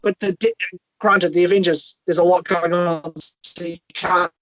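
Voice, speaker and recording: A man in a casual film discussion, sharing opinions and thinking aloud with pauses over a video call. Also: high voice, steady tone, dry recording, poor audio. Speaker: panelist.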